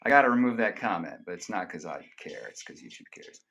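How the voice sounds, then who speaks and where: A man's voice: deep voice, big pitch swings, fast, vocal fry, a bit bright. A man hosting a casual livestream, reading viewer comments aloud and answering with joking, profane banter. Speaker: live streamer.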